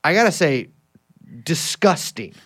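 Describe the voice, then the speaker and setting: A man's voice: fairly high pitch, sing-song, a little slow, fairly bright tone. A man hosting a casual podcast, talking in a rambling, chatty way with frequent restarts. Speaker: podcast host.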